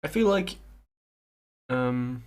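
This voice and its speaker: A man's voice: medium pitch, expressive, very slow. A man chatting casually on a podcast, playful and rambling, teasing his co-host. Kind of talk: casual chat.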